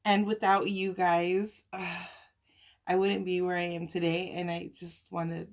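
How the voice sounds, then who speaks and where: A woman's voice: lowish voice, flat delivery, a little slow. A young woman vlogger telling a personal story in casual chat while eating, emotional and chatty, sighing and laughing often. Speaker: mukbang vlogger.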